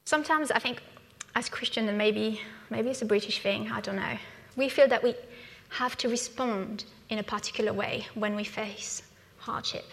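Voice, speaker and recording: A woman's voice: on the high side, normal speed, vocal fry, few pauses, a bit bright. A woman from France, preaching a conversational sermon in a church and often asking "yeah?" as she goes. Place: church hall. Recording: long hall reverb.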